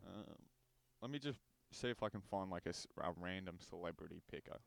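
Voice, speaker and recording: A man's voice: sits low, expressive, brisk, creaky. A man co-hosting a podcast, laid-back and dry in casual chat, with some swearing. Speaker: podcast co-host.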